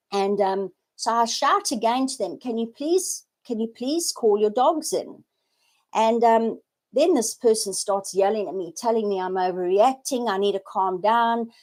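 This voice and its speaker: Speaking with a medium-pitched, somewhat dark voice, a woman in her forties recounts something personal during an unscripted live video as a spiritual vlogger. She comes across as earnest and reflective, frequently starting over and repeating herself.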